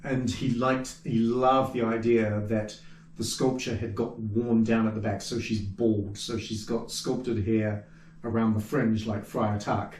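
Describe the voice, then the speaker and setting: A man with a New Zealand accent, a puppet maker chatting as the guest in an interview, telling stories lively and acting out what people said. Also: fairly low pitch, unhurried, a little hiss or hum. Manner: animated storyteller who acts out quoted remarks. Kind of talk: casual interview chat. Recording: roomy sound from a distant mic.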